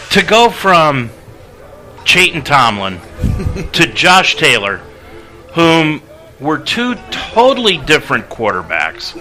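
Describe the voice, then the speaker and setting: Sharp-toned male football broadcaster. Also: medium pitch, rough recording. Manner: steady, informative, announcer delivery. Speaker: play-by-play broadcaster. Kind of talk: sports broadcast commentary.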